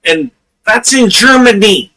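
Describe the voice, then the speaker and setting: Slow, bright-voiced man streaming. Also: very high voice, expressive. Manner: blunt, swears freely, laughs often. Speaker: livestream host. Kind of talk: casual livestream chat. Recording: voice distant from the mic.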